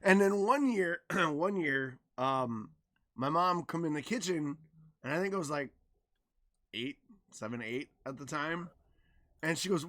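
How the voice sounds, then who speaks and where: Man, podcast co-host, animated swearing storyteller, bright sharp tone, wide swings. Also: on the high side, measured pace. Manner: animated, swearing, acts out quotes loudly. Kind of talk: casual storytelling chat.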